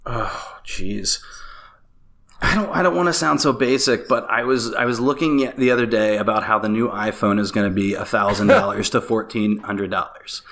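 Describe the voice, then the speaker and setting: A man talking as a guest on a business podcast, animated and casual, with many fillers and restarts. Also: on the low side, moderate pace. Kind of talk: casual interview chat.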